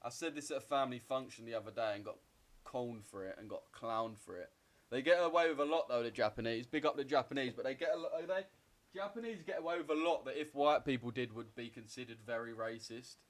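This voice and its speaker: A young man in his twenties speaks with an average-pitched voice. He rambles in loose, swear-heavy banter as he trades live and answers his viewers' chat. The delivery is offhand and conversational. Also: fast. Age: 20s. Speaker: trading streamer. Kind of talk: casual livestream chat while trading.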